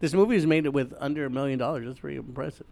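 A man's voice: medium pitch, rapid-fire, gravelly, mellow. A man chatting casually about movies, rambling and trailing off mid-thought.

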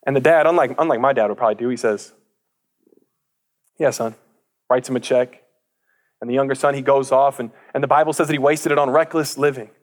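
A man preaching a sermon, retelling a parable in casual, lively storytelling with slang, frequent stammered restarts, and acted-out voices for the characters. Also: mid-range voice, fairly quick, pauses often.

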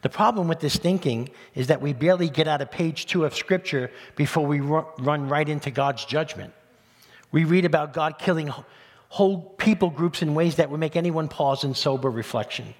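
A man preaching a sermon as pastor, animated, with rhetorical questions and rising emphasis. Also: on the high side, moderate pace. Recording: long reverb of a church hall.

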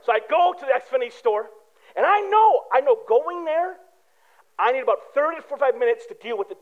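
This pastor has a very high, expressive voice and talks a little fast, though the recording is muffled. He delivers a conversational sermon packed with everyday stories, casually telling them and tossing asides to the congregation.

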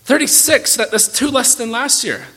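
A man voicing a spoiled, greedy boy who sulks and counts slowly, as a story read aloud in a sermon. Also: very high-pitched, sharp tone, breathy edge, voice pushed up, full character voice. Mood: sulky. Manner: sulky, slow counting.

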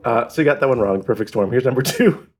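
A man's voice: mid-range voice, fast, darkish tone. Man reading trivia clues, laughing often. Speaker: trivia quiz host. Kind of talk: casual podcast chat.

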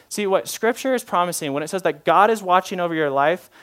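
A man preaching a sermon in a fairly high voice, casual and conversational, with plenty of "like" and restarts. He swings between hushed, slow stretches and louder, pressing ones. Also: animated. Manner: informal, often uses "like" and restarts. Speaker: pastor.

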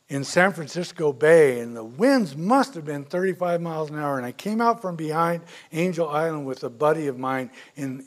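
A male pastor preaching a sermon, retelling scripture stories with big swings from loud to soft. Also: fairly high pitch. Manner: storytelling, dramatic swings in loudness.

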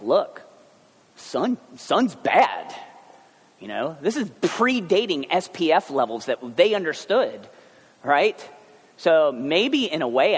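Lively, joking preacher man with hall echo. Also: on the high side, slightly rough. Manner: animated, joking asides. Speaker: pastor. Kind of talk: conversational sermon. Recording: long hall reverb.

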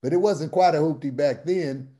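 Animated slangy man spinning a story. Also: fairly high pitch, moderate pace. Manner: slangy, animated, laughs through his punchlines. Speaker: guest comedian telling a life story. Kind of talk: casual storytelling.

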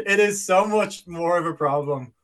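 Jokey high-voiced man bantering on a podcast. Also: a little slow, a bit bright. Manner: jokey, puts on silly voices and accents, laughs a lot. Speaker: podcast co-host. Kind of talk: casual banter.

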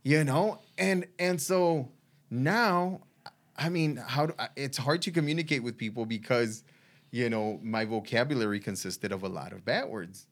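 A man, telling his faith testimony in a halting way, full of restarts and fillers. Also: mid-range voice. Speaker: guest sharing a faith testimony. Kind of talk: conversational storytelling.

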